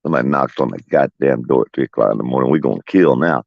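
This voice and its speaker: Very deep gravelly man. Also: rapid-fire, few pauses, darkish tone, no room sound, muffled recording. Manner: profane, folksy, laughing storyteller. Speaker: vlogger talking to his viewers and pets. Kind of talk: rambling casual porch chat. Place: outdoors on a home porch.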